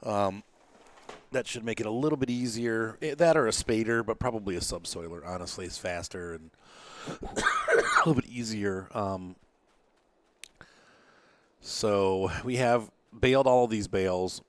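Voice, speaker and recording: A man with a fairly low voice talks through his farming game session, thinking aloud as he goes. He rambles, restarts his sentences and fills pauses with ums and uhs. He sounds tired, as if fighting off yawns. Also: big pitch swings. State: tired, yawning. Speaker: gameplay commentator. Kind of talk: casual let's-play commentary.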